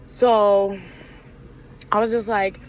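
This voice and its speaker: A woman's voice: medium pitch, level tone, very slow, darkish tone, a little hiss or hum. Chatty young woman telling a story. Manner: chatty, lots of fillers and "like". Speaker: vlogger. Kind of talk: casual storytime vlog. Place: outdoors.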